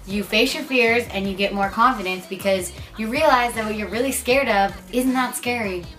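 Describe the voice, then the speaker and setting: A woman's voice: fairly high pitch, moderate pace, a bit bright. A young woman speaks sincerely and a little self-deprecatingly as she gives advice to the camera. Faint music plays underneath. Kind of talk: casual advice talk to camera.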